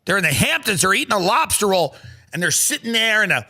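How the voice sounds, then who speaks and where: A male comedian on a podcast, ranting with sarcasm and profanity. His voice sits fairly high with a bright, sharp edge. His pitch swings widely as he rants. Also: very animated, fast talker. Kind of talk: comedic rant.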